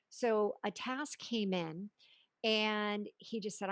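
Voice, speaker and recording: A woman hosts a podcast interview in a relaxed, chatty way. Her voice is mid-pitched and recorded dry and close, with no room around it. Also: slow pace, no echo. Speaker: podcast host. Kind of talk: casual interview chat.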